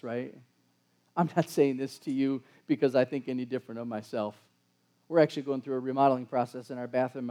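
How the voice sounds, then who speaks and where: Male pastor, sermon, high voice, mellow tone, conversational, sarcastic asides. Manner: conversational preaching with sarcastic asides and repeated restarts.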